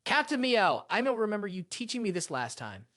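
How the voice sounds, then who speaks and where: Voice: mid-range voice, very animated, a little fast, a bit bright, dry recording, studio quality. A narrator voicing a cheeky, scheming young male detective who talks in a teasing, wheedling way.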